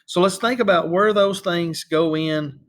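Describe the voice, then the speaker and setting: A male math teacher walks through a problem in a calm, patient voice that sits a little high for a man. He talks step by step and keeps checking in with the class. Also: unhurried. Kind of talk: screen-recorded math lesson.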